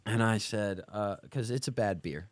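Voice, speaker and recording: A man in his twenties, co-hosting a podcast and telling a story in casual chat, animated and swearing freely. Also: lowish voice, moderate pace, dry recording. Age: 20s. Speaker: podcast co-host. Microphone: studio podcast mic.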